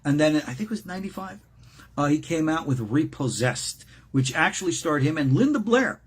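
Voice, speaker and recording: Older man, host, husky voice, animated, joking casual talk. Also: fairly high pitch, a little fast. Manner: playful, jokey, repeats words when excited.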